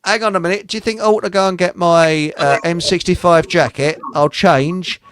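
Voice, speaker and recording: With a crowd audible behind him, a man with a high, steady voice runs a casual livestream at normal speed. He rambles and jokes, swears, laughs often and reads comments from his viewers.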